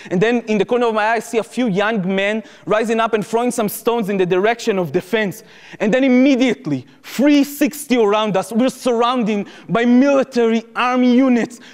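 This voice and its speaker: Animated Israeli man telling a story. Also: sits high. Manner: animated, acts out quoted speech, non-native phrasing. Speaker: former soldier giving testimony. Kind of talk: personal storytelling to an audience. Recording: reverberant hall, live talk.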